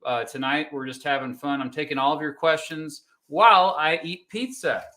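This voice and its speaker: A man in his thirties from Kansas hosting a relaxed livestream, joking and chatting while he eats pizza. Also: fairly high pitch, moderate pace. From Kansas, United States. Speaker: YouTube host. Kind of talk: casual livestream chat.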